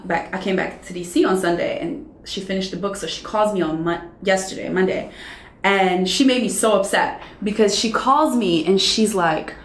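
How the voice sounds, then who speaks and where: A woman in her thirties, a radio personality, chatting as an interview guest and telling stories with lively acted-out dialogue. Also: medium pitch, moderate pace. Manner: animated storyteller who acts out quoted dialogue. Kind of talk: casual interview conversation. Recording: roomy echo.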